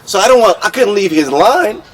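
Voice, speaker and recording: A man's voice: high voice, brisk, a little hiss or hum. A man co-hosting a casual podcast chat, telling stories and acting out voices. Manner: animated storyteller, acts out voices. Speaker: podcast co-host.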